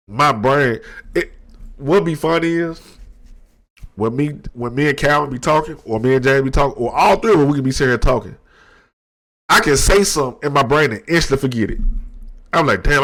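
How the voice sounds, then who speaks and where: A man in his thirties hosting a solo podcast from his desk, talking in a soft, reflective and halting way with many restarts. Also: mid-range voice. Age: 30s. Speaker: podcast host. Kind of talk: solo confessional monologue. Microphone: desk microphone.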